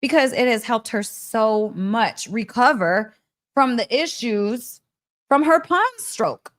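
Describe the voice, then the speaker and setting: A woman hosting a podcast, telling a story in an excitable, emphatic way, repeating phrases and laughing often. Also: fairly high pitch, slow. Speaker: podcast host. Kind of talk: animated storytelling monologue.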